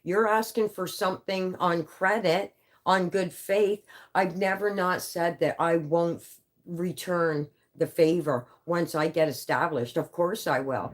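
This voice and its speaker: A woman with a low, deep-set voice talks on a casual live stream from her home. She sounds sleepy and worn down, rambling in halting bursts, swearing and restarting her sentences again and again. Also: steady tone. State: tired, sleepy. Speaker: livestreamer.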